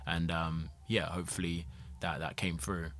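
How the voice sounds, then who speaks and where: A man, talking casually as an interview guest, relaxed and rambling with lots of fillers. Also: deep voice, moderate pace. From England. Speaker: guest actor.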